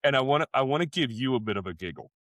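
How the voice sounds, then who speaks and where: Man, podcast co-host, casual chat, animated storyteller, repeats and restarts words, middle pitch, dry close sound. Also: rapid-fire, no room sound.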